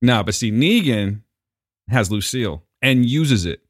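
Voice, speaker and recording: A man's voice: medium pitch, lively intonation, measured pace, dry recording, clean studio sound. A man hosting a casual podcast chat, teasing his friend with profanity and slipping into mock voices. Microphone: podcast microphone.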